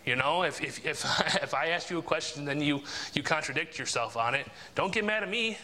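In a large hall, a man delivers a casual, conversational sermon in an expressive, brisk voice with a sharp tone. He often ends his lines with "right?" and "you know?", and he mimics mockers and coworkers in a higher voice.

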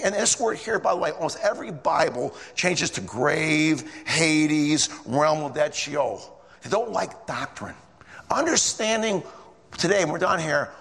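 A man's voice: on the high side, gravelly, a bit bright, big-room sound. A man preaching a sermon in a casual storytelling way, repeating phrases as he goes.

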